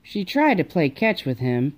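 A woman reading a children's picture book aloud, slow and expressive. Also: low-pitched. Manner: lively, slow and expressive, doing character voices. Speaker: storybook reader. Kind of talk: children's storybook read-aloud.

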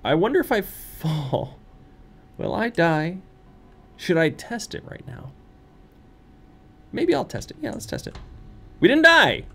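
A man's voice: high-pitched, very animated, a little slow, creaky, long pauses. A young man playing a horror game on his channel, muttering nervously to himself and breaking into squeals and laughs. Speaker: let's play streamer. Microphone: studio microphone.

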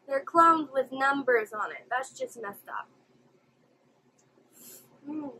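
A woman's voice: high-pitched, slow pace, long pauses, breathy edge, low-quality recording. A woman hosting an anime reaction video, exclaiming and gasping as she watches. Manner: expressive, exclaiming and gasping at the screen. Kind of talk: live reaction commentary.

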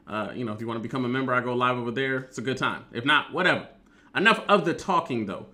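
A man's voice: medium pitch, expressive, quick pace. A man hosting a reaction video, chatting casually and talking back at the clip he is watching. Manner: chatty, talks back at the video, laughs loudly.

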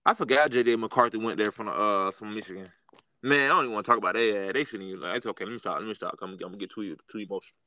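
A man co-hosting a sports podcast, rambling and excitable, full of fillers and restarts. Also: lowish voice, rapid-fire, dry recording, poor audio. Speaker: podcast co-host. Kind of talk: casual sports chat.

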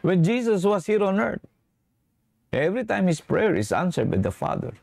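A man's voice: high voice, very animated, moderate pace, vocal fry, a little mellow, no echo. A man preaching a sermon, switching between English and Tagalog mid-sentence and often checking in with the congregation by asking "okay?". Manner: asks the congregation for assent with "okay?".

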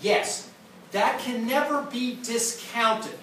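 A man teaching history, lecturing and answering student questions with lively storytelling and frequent restarts. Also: very high-pitched, takes it slowly. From United States. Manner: animated storyteller, repeats words when starting sentences. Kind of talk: classroom lecture and Q&A. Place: classroom. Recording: echoey classroom recorded from far off with noise.

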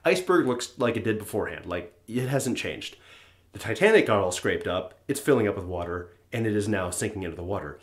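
Chatty low-voiced man teaching vocabulary. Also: animated, brisk. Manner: chatty, playful, with fillers and acted asides. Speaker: language teacher. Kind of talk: casual vocabulary explanation.

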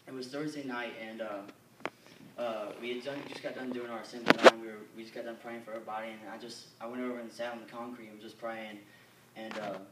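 A young man giving an earnest, halting church testimony full of fillers. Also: mid-range voice, fairly bright tone, a little hiss or hum. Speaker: youth camper giving a testimony. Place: church or camp meeting hall. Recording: echoey hall, mic at a distance.

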